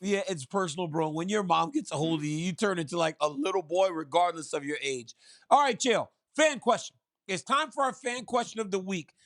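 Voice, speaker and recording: Male co-host, animated, laughing storyteller with a fairly high voice. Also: fairly quick. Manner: animated storyteller, laughs through his stories. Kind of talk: casual talk show chat.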